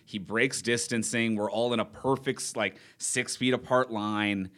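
A man's voice: on the low side, fairly even intonation, unhurried, a bit bright. A man, a podcast guest, telling a comic story with rising indignation. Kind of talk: animated storytelling.

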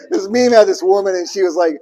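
A man preaching a sermon in a casual, joking style, swinging between loud emphatic bursts and quiet low asides. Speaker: pastor.

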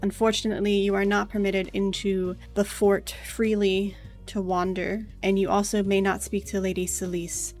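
A woman's voice: mid-range voice, flat delivery, normal speed, darkish tone, faint music behind, close to an everyday voice. A woman voicing a tired, dutiful male orc fort captain, polite and weary.

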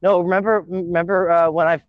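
A man hosting a casual podcast, excitable and swearing freely, often trailing off mid-sentence. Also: high-pitched, a little fast, dry recording. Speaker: podcast host. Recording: dull dry lo-fi sound.

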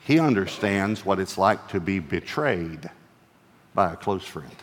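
A male pastor preaching a sermon in an animated way, acting out quoted lines in playful voices and often laughing as he talks. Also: lowish voice, long reverb tail.

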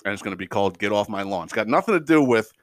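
Profane, animated middle-aged podcast ranter. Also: male voice, on the low side, rapid-fire, dry recording. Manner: profane, animated, laughing storyteller. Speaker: podcast host. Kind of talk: casual comedic rant.

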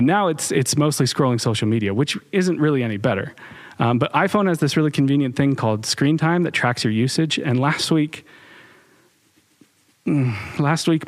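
A young adult man giving a candid, conversational talk to a live online chat, reflecting personally with frequent ums and restarts. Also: mid-range voice. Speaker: speaker leading an online group.

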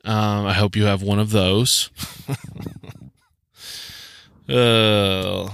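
A man's voice: on the low side, a bit bright, clear, resonant tone, no room sound, studio quality. A man with a Southern US accent hosting a rambling, joking solo podcast, full of ums and restarts. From southern United States. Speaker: podcast host.

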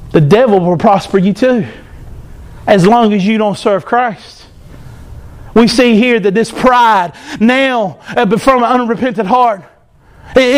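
A male pastor preaching a sermon, animated, acting out the voices of proud people. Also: very high voice.

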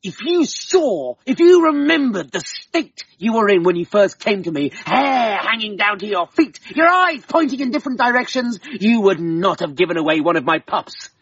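A man voicing an angry, proud warrior husband who rages and shouts. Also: sits high, big pitch swings, normal speed, few pauses, husky, no echo, voice pushed up, exaggerated voice. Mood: furious. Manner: rages and shouts, then pleads. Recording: dull, slightly distant, harp music behind.

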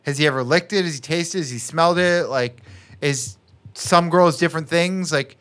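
Crude, animated podcast co-host man. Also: fairly high pitch, normal speed. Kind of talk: casual chat.

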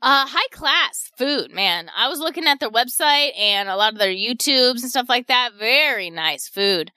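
A woman's voice: fairly high pitch, lively intonation, measured pace, pushed and bright, clean tone, no echo. A woman hosting a local radio shopping show, chatting casually and repeating deals and prices in an upbeat sales patter.

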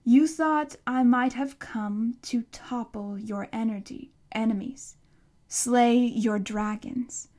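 A woman voicing a huge, ancient male yew-tree monster, speaking slowly and quietly, dropping at times to a whisper. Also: fairly even intonation. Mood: knowing. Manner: slow, low-key and hushed, partly whispered.

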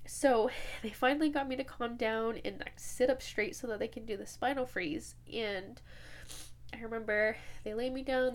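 A young woman telling a personal story in an emotional way, full of quoted dialogue and fillers. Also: on the high side. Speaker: podcast host.

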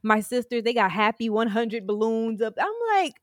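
A young adult woman co-hosting a podcast, excited and emphatic, quick to laugh. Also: a little high, no echo, clean studio sound. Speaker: podcast co-host. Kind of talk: casual chat.

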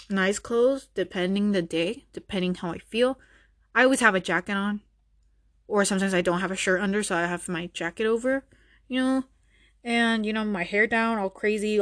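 On her own podcast, a young woman launches into a blunt, sarcastic, foul-mouthed rant in a casual monologue. Her voice is medium in pitch and a bit bright.

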